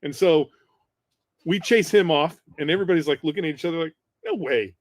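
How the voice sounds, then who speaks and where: A man telling a profane war story on a casual podcast, animated and swearing freely. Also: fairly high pitch, fast, no echo. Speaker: podcast co-host.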